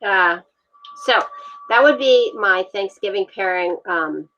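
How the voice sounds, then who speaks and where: A woman's voice: medium pitch, takes it slowly, fairly bright tone, a little hiss or hum. Chatty woman on a dull video call. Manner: chatty, hesitant with ums and restarts. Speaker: wine guest. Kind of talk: casual livestream chat.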